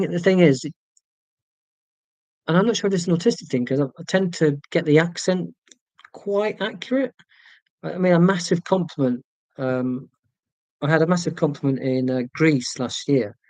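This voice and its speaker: A man's voice: fairly high pitch, darkish tone, no room sound. A man hosting a casual livestream from home, reading viewer comments in a chatty, rambling, self-deprecating way. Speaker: YouTube channel host.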